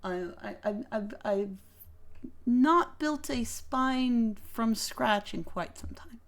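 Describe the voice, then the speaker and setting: Woman putting on a doting old wizard healer, fussy and kindly, slow, gravelly. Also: on the high side, animated. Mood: concerned. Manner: doting, calls him "dear boy".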